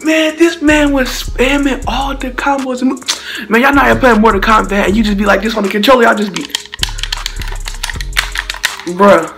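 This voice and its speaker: Faint music plays behind this very high-pitched, creaky young man as he tells a slangy story at a moderate pace with long pauses. The vlogger, from Slidell, Louisiana, animatedly acts out each blow with sound effects.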